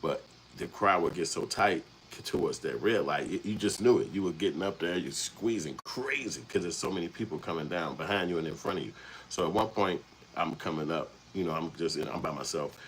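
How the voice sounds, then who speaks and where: A man's voice: extremely low pitch, fairly quick, a little hiss or hum, low-quality recording. A man from Chicago's South Side, hosting his channel and telling a rambling, profane story in casual street talk. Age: adult, past young adulthood. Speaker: channel host.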